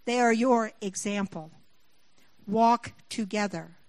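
A woman's voice: mid-range voice, slow, a little mellow, no echo, poor audio. A middle-aged woman preaching a sermon. She moves between scripture reading and personal stories, rising with emphasis when she appeals to her listeners.

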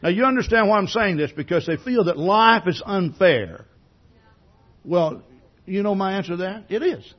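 A man's voice: high-pitched, lively intonation, moderate pace, highs cut off. A man preaching a sermon in a conversational way, asking many rhetorical questions and often repeating words as he starts a sentence. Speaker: pastor.

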